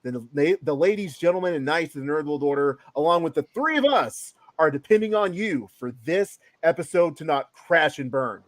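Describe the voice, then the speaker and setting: A man's voice: a little high, expressive, normal speed, few pauses. A man hosting a casual podcast, giving hyped, announcer-style introductions. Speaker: podcast host.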